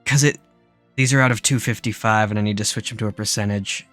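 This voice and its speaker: Casual swearing gamer guy, lowish voice. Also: fairly quick, no echo, soft background music. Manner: swears freely, grumbles and exclaims at mistakes; rambling storytelling with filler words. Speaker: game-building YouTuber. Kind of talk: casual commentary while building.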